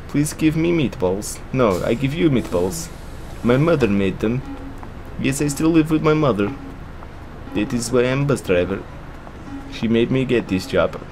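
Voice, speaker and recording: A man voicing a sulky male bus driver who still lives with his mother, in a deliberately bad mock Swedish accent. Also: medium pitch, darkish tone, poor audio. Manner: whiny, pleading, sulky.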